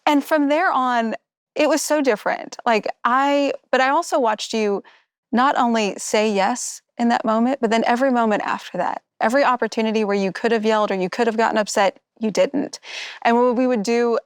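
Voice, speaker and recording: A woman's voice: fairly high pitch, brisk, smooth, no echo, clean studio sound. A middle-aged woman telling stories in a candid interview, acting out the quotes as she goes. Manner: animated storytelling, acts out quotes. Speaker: former contestant.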